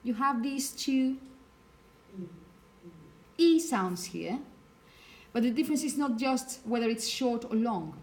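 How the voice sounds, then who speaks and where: A woman's voice: fairly high pitch, animated, takes it slowly, long pauses, darkish tone. A woman whose first language is Spanish, teaching a phonetics lecture to a class and checking in with "okay?" as she explains.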